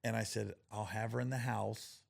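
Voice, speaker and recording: In a dry, clean studio recording, a middle-aged man speaks at normal speed with flat delivery and vocal fry. Chatting casually, he spins stories, voices other people's lines with a rising pitch, and frequently laughs.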